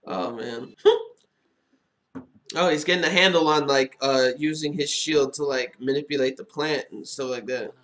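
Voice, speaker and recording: A man giving casual, excitable reaction commentary while watching an anime, chatting and laughing as he goes. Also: a little high, moderate pace.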